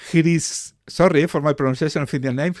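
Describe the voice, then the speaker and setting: Here the meeting host and mentor, whose first language is Spanish, sounds a little high and steady, moving at a brisk pace. He chats on a video call and reads names, asking how each is pronounced, with studio-quality audio and no room sound.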